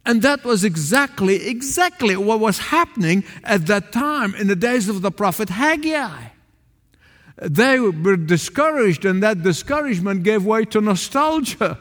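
A man preaching a sermon to a small congregation in a church, emphatic, swinging between raised calls and low, quiet asides. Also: expressive, a little slow. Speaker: pastor. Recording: long reverb of a large hall.

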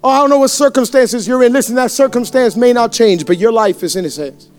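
A man's voice: very high voice, fast, soft background music. A man pastor preaching a sermon in a church, fervent and repetitive, with call-and-response lines to the congregation.

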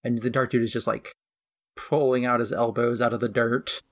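Podcast co-host, casual anime recap, gravelly voice, blunt and wry delivery. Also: mid-range voice, steady tone, brisk. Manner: blunt and wry, with swearing and dry asides. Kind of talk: casual chat.

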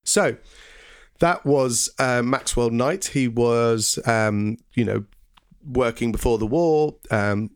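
A man's voice: medium pitch, takes it slowly, clear, resonant tone, no room sound, clean studio sound. A man hosting a casual educational podcast, talking with frequent ums and quizzing his co-host.

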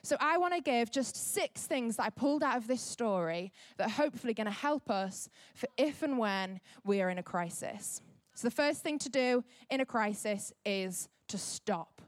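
A young woman delivers a sermon in a fairly high voice. She tells her story with animation and acts out what people said. The sound is dry and close, with no room around it. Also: normal speed, dry recording. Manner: animated storyteller acting out quotes. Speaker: preacher.

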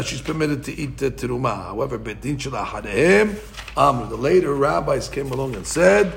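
A man's voice: fairly high pitch, gravelly, fairly bright tone, a little hiss or hum. A man teaching a Talmud class, thinking aloud and restarting often, with Hebrew and Aramaic terms mixed into his English.

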